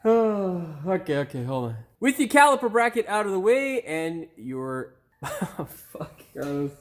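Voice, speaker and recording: A man's voice: high voice, very animated, a little slow. A man hosting a car repair channel, stumbling over his lines, getting frustrated and cursing in the outtakes of his video. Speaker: auto mechanic channel host.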